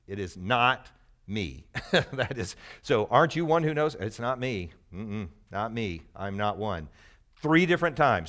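A man leads a live group through Bible teaching in a loose, conversational style, his pitch in an ordinary middle range for a man. His voice is pushed and bright, and he explains patiently while teasing his listeners now and then.

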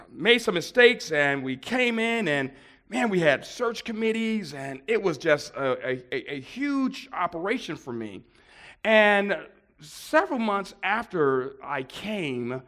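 A middle-aged male pastor from Buffalo, New York, preaching through a personal story. His voice sits high and bright, and his pitch leaps around as he moves from loud outbursts to near-whispered asides. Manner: animated storyteller, swings from loud to hushed.

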